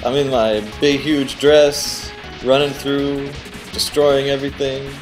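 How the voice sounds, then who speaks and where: A man's voice: mid-range voice, little pitch movement, slow, over music, lightly acted. A man briefly voicing a gleeful giant caveman hero who boasts about smashing everything in his way.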